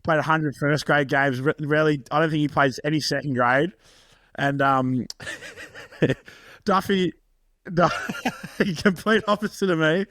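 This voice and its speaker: A man with a slightly high voice chats casually, laughing now and then as he tells an anecdote. The sound is dry and close, with no room around it. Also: a little slow, pauses often, a bit bright, dry recording. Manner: chatty, laughing through anecdotes. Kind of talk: casual chat.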